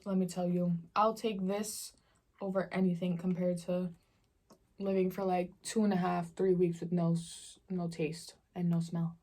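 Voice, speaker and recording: A woman's voice: fairly low pitch, flat delivery, unhurried, dark tone. A young woman vlogger chatting casually in slangy storytelling while she eats on camera. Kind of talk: casual mukbang Q&A chat.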